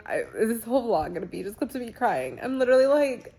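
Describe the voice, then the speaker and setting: A woman's voice: fairly low pitch, moderate pace, hardly any pauses, dark tone, echoey room. A young woman chatting casually in a home vlog, tired, talking loosely with lots of "like" fillers. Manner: chatty, says "like" often. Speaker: vlogger.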